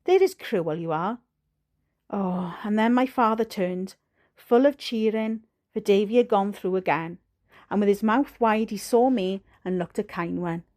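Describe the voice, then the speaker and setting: A woman with a Welsh accent narrating an audiobook in a steady, measured way. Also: mid-range voice. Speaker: audiobook reader.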